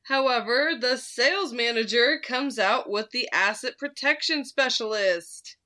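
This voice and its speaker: A woman's voice: fairly high pitch, unhurried, bright, forceful tone. A woman host casually telling a story from her retail job, laid-back, swearing freely and laughing at her own tale.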